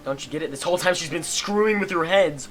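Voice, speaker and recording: A man's voice: medium pitch, quick pace, a bit bright, close to an everyday voice. A man reading aloud as an angry young male protagonist in a visual novel game, in an accusing, heated tone.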